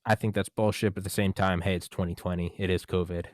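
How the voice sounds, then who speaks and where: Animated, profane man hosting a podcast. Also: low-pitched, no room sound. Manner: animated, profane, rhetorical questions, quick asides. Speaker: podcast host. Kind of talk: casual monologue on a podcast.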